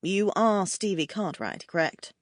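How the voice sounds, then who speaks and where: A polished young gentleman with a British accent speaks in a cultured, measured way, as a woman puts him on. His tone is cool and forward. The sound is close and dry. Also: mid-range voice, animated, dry recording.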